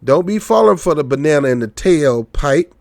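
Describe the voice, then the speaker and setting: A man's voice: on the high side, moderate pace, vocal fry, dry recording. A man giving casual political commentary on his own channel, joking and mocking as he tells stories. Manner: joking, mocking, animated storytelling.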